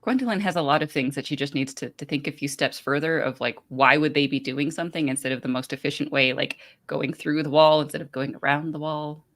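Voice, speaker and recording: A podcast host walks through book chapters in a loose, rambling recap. The delivery is hesitant and full of fillers, at an ordinary middle pitch. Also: fairly even intonation, brisk, hardly any pauses, fairly bright tone.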